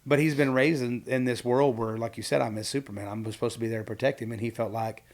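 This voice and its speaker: A man in his forties co-hosts a relaxed podcast conversation. He tells stories with animation, slipping into the voices of the people he quotes. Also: mid-range voice, quick pace. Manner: animated storyteller who acts out quotes. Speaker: podcast co-host.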